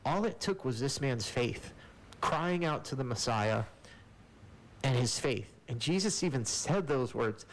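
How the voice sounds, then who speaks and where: A man's voice: mid-range voice, expressive, unhurried, rough recording. A man, a pastor and radio co-host, teaching a Bible story in an earnest, conversational way and acting out the quoted lines. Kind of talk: informal sermon-style Bible teaching. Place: radio studio.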